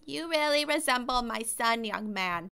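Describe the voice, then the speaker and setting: A woman voicing a kind, frail old grandmother in a game, with a soft motherly manner. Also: a little high, expressive, measured pace, gravelly, clean tone, full character voice. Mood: tender. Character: kind frail old granny, gentle and doting. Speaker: game voice reader.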